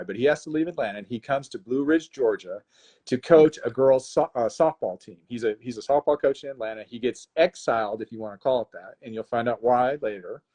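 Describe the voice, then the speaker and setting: A man, a guest author on a live stream, casually retells a plot with lots of restarts. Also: mid-range voice. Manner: animated storyteller, frequent restarts.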